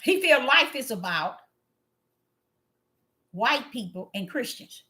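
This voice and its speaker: A woman with a fairly high voice delivers a preachy monologue to her viewers. She hammers points home by repeating herself. She jumps from loud exclamations to quiet, muttered asides. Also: sing-song, slow. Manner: emphatic, repeats phrases for emphasis. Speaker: online religious commentator.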